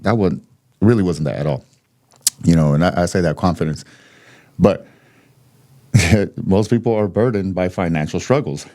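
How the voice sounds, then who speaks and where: This American man in his thirties has a warm voice that sits low. Appearing as a podcast guest, he shares his story openly and bluntly, swearing freely and breaking into laughter between points.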